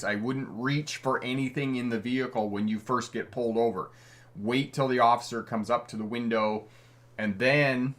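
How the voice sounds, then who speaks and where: With a mid-range, slightly bright voice, this middle-aged Canadian man hosts a live stream as a driving instructor. He reads out viewer comments in a friendly, chatty style and chuckles frequently.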